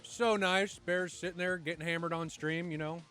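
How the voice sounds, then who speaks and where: A chatty man calls a live flight-simulation match with bursts of excitement and the odd swear word. His voice is bright and a touch high, and quiet music plays behind him. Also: moderate pace, clean tone. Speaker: esports commentator. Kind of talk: live stream commentary.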